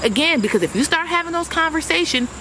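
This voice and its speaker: A man argues his point fast and emphatically. His voice is high and swoops a lot. The clip has clear background noise. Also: animated.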